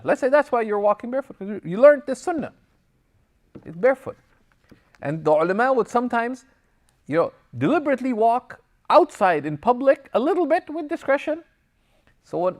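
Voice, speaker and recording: A man teaching a religious class, reading Arabic passages and explaining them in English, with personal stories. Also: high-pitched. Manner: lively, switches between Arabic text and English explanation; tells anecdotes, acting out dialogue in passing. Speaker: Islamic teacher. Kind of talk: recorded class lecture.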